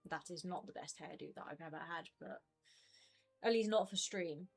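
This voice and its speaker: A woman's voice: on the low side, moderate pace, vocal fry, breathy edge, faint music behind. A young woman in her twenties chatting casually with her stream viewers from home, rambling with lots of fillers. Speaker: game streamer.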